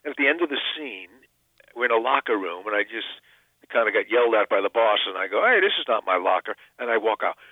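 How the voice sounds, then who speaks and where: A man's voice: fairly low pitch, fast, no echo. An older man, an actor and comedian, chatting in a phone interview, self-deprecating and full of restarts. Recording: tinny phone line.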